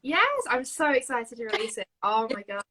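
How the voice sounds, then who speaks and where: A woman's voice: on the high side, moderate pace, pushed and bright, poor audio. A young woman from Yorkshire with a Yorkshire accent, a singer-songwriter chatting as an interview guest, giggly and full of fillers. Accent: Yorkshire English. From Yorkshire, England. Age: young adult. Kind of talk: casual interview chat.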